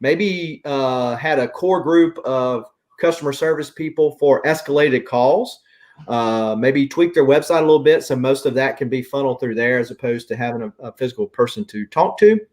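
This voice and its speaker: A man's voice: medium pitch, moderate pace, a little mellow. A man with a Southern US accent hosting a casual chat and ranting in an opinionated way. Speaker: host.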